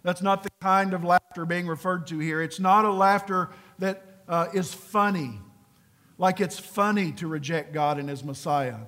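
A man preaching a sermon, earnest and pleading, who drops to a hushed low voice for emphasis. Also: moderate pace. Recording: long hall reverb.

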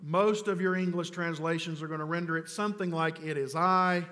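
Pastor guy preaching, kinda high voice, goes loud then drops real quiet, big echo tail. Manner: emphatic preaching, swinging from loud urgent declarations to low, slow, quiet stresses; casual asides mixed with scripture teaching. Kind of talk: sermon.

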